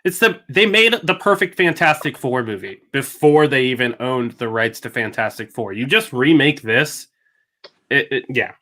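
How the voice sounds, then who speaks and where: A man's voice: mid-range voice, lively intonation, moderate pace, sharp tone. A young man hosting a casual panel chat over a video call, talking in a chatty way with restarts and jokes, turning earnest when he praises a film. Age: young adult. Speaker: host.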